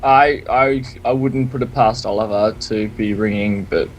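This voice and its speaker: A man on an online panel who laughs along and drops in quick, wry interjections. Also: lowish voice, fairly even intonation, dull audio, slight background noise. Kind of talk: casual panel discussion.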